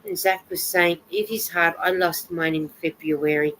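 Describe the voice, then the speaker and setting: A woman with a slightly low voice hosts a casual live chat from home while she knits. She greets each viewer by name, reads their comments aloud and answers in a chatty, sympathetic way. Faint room ambience sits behind her voice. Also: a little slow, a little hiss or hum, poor audio. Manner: chatty, with soft sympathetic asides. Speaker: livestream host.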